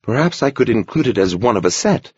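An earnest, eager young apprentice monk with a lifted, lively voice, as a narrator puts him on. Underneath sits a husky, gravelly timbre, recorded dull and dry. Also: male voice, mid-range voice, brisk, no room sound, pitched above the performer's own voice. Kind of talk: audiobook character voice.

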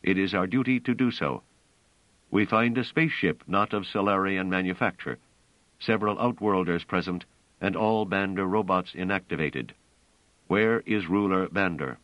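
A man's voice: low voice, normal speed, no room sound, lightly acted. A man voicing a tall guardian robot that speaks in a cold, incisive, formal way. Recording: dull lo-fi dry recording.

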